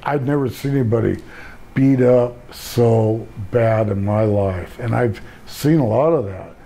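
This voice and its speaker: In a relaxed interview, a retired pro wrestler, now an older man, rambles through his stories and keeps restarting them. His voice is medium-pitched, gravelly, husky, and mellow.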